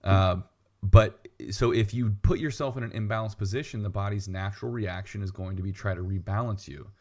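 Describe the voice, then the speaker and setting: A man's voice: fairly low pitch, brisk. A man co-hosting a weightlifting podcast, explaining technique in casual chat with dry, teasing asides. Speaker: podcast co-host, weightlifting coach.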